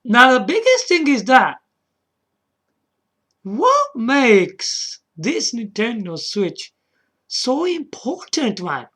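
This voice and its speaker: A man's voice: very high voice, wildly swooping pitch, very slow, long pauses, bright, forceful tone. A man hosting a gaming video in casual, rambling commentary, often checking in with the viewer and chuckling at himself. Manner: frequent restarts and chuckles.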